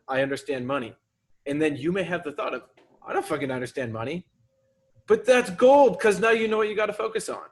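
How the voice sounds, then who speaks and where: A man's voice: medium pitch, breathy edge. A man co-hosting a casual podcast, talking enthusiastically, laughing as he goes and swearing casually. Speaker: podcast co-host.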